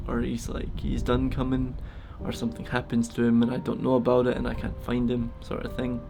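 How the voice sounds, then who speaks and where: A man talking casually and emotionally in a vlog, soft and halting, close to tears. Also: medium pitch, gravelly. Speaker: vlogger feeding a wild bird. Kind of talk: casual heartfelt vlog talk.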